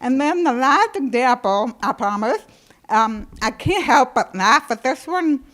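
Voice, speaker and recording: Slow, higher-voiced woman with a lilt, wry conference presenter. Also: animated, fairly bright tone. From United States. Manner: wry, self-deprecating, laughing.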